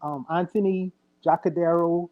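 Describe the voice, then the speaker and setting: A woman's voice: fairly low pitch, fairly even intonation, moderate pace, phone-quality sound. A woman co-hosting a casual livestream chat who talks conversationally and hesitates with fillers.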